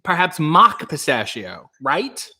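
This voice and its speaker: A man's voice: a little high, sing-song, takes it slowly, pushed and bright, breathy edge. A man hosting a casual livestream, rambling and joking while he reads out chat comments. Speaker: livestream host.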